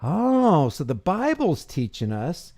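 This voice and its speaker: Sarcastic man with a lively voice. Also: a little high, slow. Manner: sarcastic, mocking, reads verses aloud and rebuts them. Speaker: channel host, commentator. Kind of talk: casual live-stream commentary.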